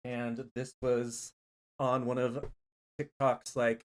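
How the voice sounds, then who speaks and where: A man's voice: medium pitch, flat delivery, takes it slowly. A man co-hosting a horror podcast, chatting casually and bluntly, laughing often. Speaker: podcast co-host. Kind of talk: casual chat.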